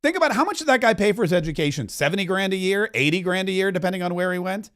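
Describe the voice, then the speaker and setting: A man's voice: high-pitched, animated, racing, a bit bright. A man from Florida hosting a political commentary podcast, riffing with mocking asides. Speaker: podcast host.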